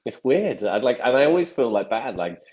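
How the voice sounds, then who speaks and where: A man's voice: mid-range voice, sing-song, a little fast, muffled recording. A man in his thirties, a magician guest, telling stories in casual interview chat with many restarts and acted quotes.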